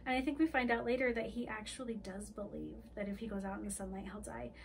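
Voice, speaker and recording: A woman's voice: medium pitch, fast talker, vocal fry, a little hiss or hum. A woman co-hosting a podcast, retelling a book in casual chat and acting out the characters' lines with laughter. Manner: animated retelling with acted-out quotes and laughter. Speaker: podcast co-host.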